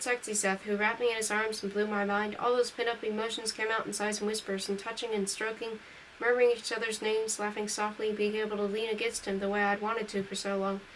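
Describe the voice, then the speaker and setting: A woman's unpolished read-aloud of a novel sits over a faint steady hiss in a low-quality home recording. Narration stays at a middle pitch, while dialogue comes out a bit louder, brighter and livelier, and she corrects her slips as she goes.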